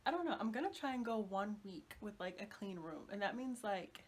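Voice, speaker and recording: A woman's voice: medium pitch, expressive, a little fast. A young woman vlogging casually, with a groggy morning voice, chatty and rambling with frequent laughs. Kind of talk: casual vlog chat.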